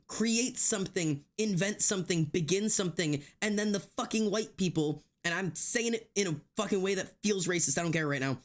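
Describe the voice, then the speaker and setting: A man streaming live who swears heavily, rants hotly and then laughs it off, talking straight to his chat with many restarts. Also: high-pitched. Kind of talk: casual livestream chat.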